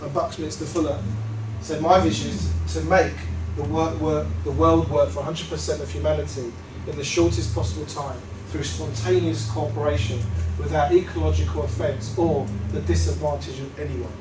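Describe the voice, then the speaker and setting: A man giving a reflective workshop talk to a group, earnest and halting, often trailing off softly. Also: a little high, level tone, music in the background. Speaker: workshop presenter. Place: meeting room. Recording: echoey room from far off, noisy.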